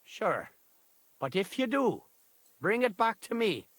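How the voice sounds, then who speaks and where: An actor playing a sly, greedy male knacker villager with an Irish accent and a gruff, bargaining drawl. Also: sits high, big pitch swings, takes it slowly, a bit bright, full character voice. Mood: scheming.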